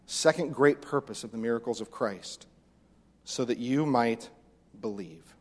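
Animated preacher in a reverberant hall. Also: male voice, medium pitch, a little slow. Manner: animated, acts out the disciples' lines. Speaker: pastor. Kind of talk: sermon.

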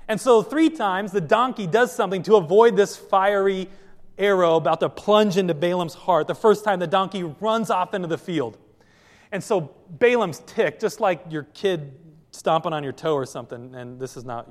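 High-voiced preacher in a reverberant hall. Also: male voice. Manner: lively storytelling, addresses listeners directly. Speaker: pastor. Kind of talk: sermon.

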